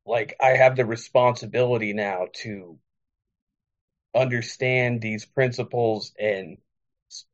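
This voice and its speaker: A man sharing at a recovery meeting, reflective and halting, with many fillers. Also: mid-range voice, a little mellow, dull audio.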